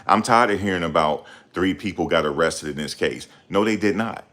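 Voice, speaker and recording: A middle-aged man hosting his channel, talking in a loud, confrontational, profane rant. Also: low voice, normal speed. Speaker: channel host. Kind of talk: ranting livestream commentary.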